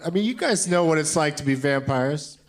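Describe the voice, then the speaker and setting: A man hosting a live comedy podcast from a club stage, his voice sitting a little high for a man. He teases the guests with quick jokes and laughs often. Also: lively intonation, slight background noise. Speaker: podcast host. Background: live audience laughter.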